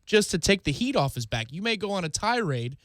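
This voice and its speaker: Co-host guy on sports radio, slightly high voice, dry mic, jumps in a lot. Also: very animated, a bit bright, no room sound. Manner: chimes in with quick agreeing remarks. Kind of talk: sports talk radio banter.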